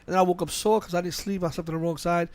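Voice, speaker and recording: Male podcast host, quick storyteller, slightly high voice, dry close mic, lots of restarts. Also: no room sound. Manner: fast, animated storytelling with frequent restarts and quoted dialogue. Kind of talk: casual podcast chat, storytelling.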